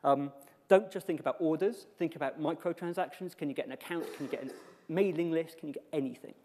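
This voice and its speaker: A man's voice: a little high, quick pace, warm tone, a little hiss or hum. Wry man presenting in an echoing hall. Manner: wry, joking asides. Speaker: conference speaker. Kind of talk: conference presentation. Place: large lecture hall. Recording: echoey hall reverb.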